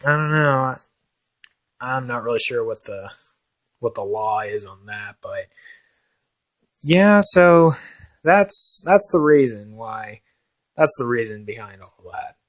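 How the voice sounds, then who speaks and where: A man's voice: mid-range voice, animated, slow pace, pauses often. A man playing a stammering fill-in talk show host. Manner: hesitant, stammering, full of fillers and restarts. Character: rambling nervous brother filling in as talk show host. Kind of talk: amateur comedy sketch.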